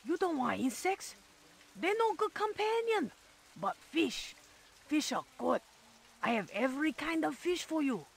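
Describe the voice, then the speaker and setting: An actor playing a pushy male street fish seller in a video game, speaking in broken sales-pitch English. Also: big pitch swings, unhurried, vocal fry, heavily acted. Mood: coaxing.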